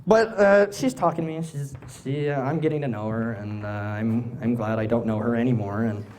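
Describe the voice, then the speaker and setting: A man's voice: mid-range voice, a little fast, background noise. A young man performing live stand-up, telling rambling, self-mocking anecdotes with many restarts, in front of a laughing audience. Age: young adult. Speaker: stand-up comedian. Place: stage before a laughing audience.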